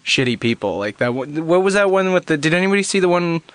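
A man's voice: a little high, lively intonation, no room sound. Hesitant man, dry close sound. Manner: halting, fumbling for words. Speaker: podcast co-host. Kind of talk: casual comedy chat.

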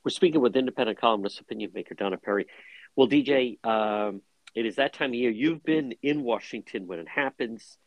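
A man hosting a talk radio show, interviewing a guest in an animated, quick-talking way. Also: medium pitch, soft background music, low-quality recording.

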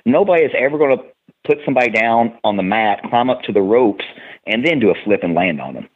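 A man's voice: on the low side, fast talker, breathy edge. A man with a Tennessee accent, a wrestler telling stories in a casual interview, often restarting his sentences. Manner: relaxed storytelling with many restarts. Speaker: wrestler guest. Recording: phone-like remote audio.

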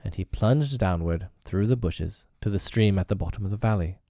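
A man narrating a classic story in a measured, expressive reading. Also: on the low side, dry recording, studio quality.

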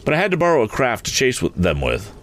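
An earnest young inventor, voiced by a male reader pitched well above the reader's own voice. He presses urgently and determinedly, and the lines leap around in pitch. A storybook hero in a hurry. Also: wildly swooping pitch, fast talker, fairly bright tone. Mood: eager.

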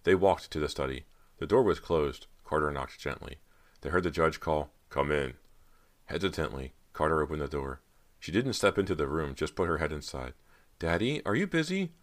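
A man narrating a teen horror audiobook in a measured storytelling manner. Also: a bass voice. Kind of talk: scripted narration.

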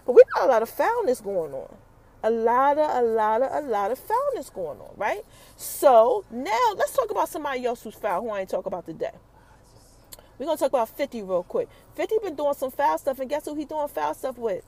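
A woman with a high voice talks through a TV episode as its recap host. Her pitch leaps up and down as she tells it. She keeps it loose and chatty and turns often to her listeners. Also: a little fast. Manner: animated storytelling, acts out characters' quotes, addresses listeners as y'all.

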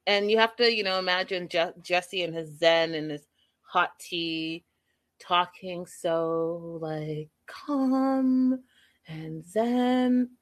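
A woman's voice: fairly low pitch, slow. Gossipy woman recapping reality TV. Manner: gossipy, animated, acts out quotes. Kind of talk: casual recap commentary.

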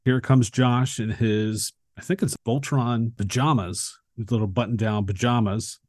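A man's voice: mid-range voice, a little slow, dry recording, clean studio sound. A man hosting a podcast, casually and animatedly retelling the plot of a film scene by scene. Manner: animated retelling, acting out characters' lines. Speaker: podcast co-host. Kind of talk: casual movie recap.

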